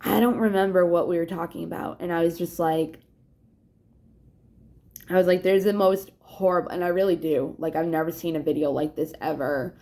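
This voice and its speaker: Gravelly-voiced woman venting casually. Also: on the low side, fairly even intonation, moderate pace, mellow. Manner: candid, rambling, swears often, laughs between thoughts; yawns to catch her breath. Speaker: vlogger. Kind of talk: casual personal vlog.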